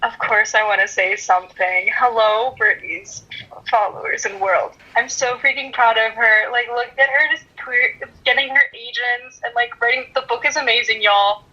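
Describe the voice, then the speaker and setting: A woman's voice: fairly high pitch, steady tone, normal speed, sharp tone, husky, muffled recording. A woman on a video call speaking playfully and enthusiastically, with filler words. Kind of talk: casual message on a video call.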